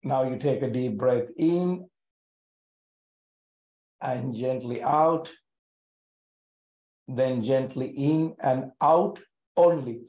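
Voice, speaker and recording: A man guiding a yoga breathing practice in a gentle, calm and soothing way, with many pauses. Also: mid-range voice. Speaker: yoga teacher. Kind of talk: guided yoga breathing instruction. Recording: echoey room, dull lo-fi sound.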